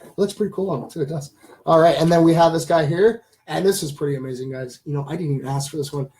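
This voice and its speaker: A man hosting a casual live stream, rambling enthusiastically to his viewers and addressing them as ladies and gentlemen. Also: fairly high pitch, quick pace, poor audio. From Canada. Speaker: channel host.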